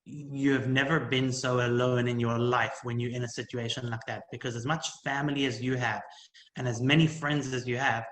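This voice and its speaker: A man of middle pitch tells his personal story to a community gathering. He speaks in a heartfelt, halting way, restarting his sentences and leaning on fillers, and he grows more urgent as he makes his point. The room around him is echoey. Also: flat delivery, a bit bright. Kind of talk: personal testimony at a community event.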